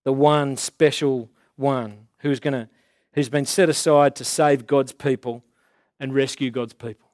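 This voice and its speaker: A man preaching a casual sermon in a conversational way, slowing down to stress key words. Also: medium pitch, steady tone, darkish tone, dry recording, clean studio sound.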